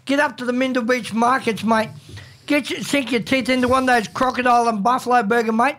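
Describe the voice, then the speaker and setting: A man's voice: very high-pitched, fairly even intonation, a little fast, fairly bright tone. An Australian man co-hosting a radio talk show, brash and blokey, tacking "mate" onto nearly every sentence.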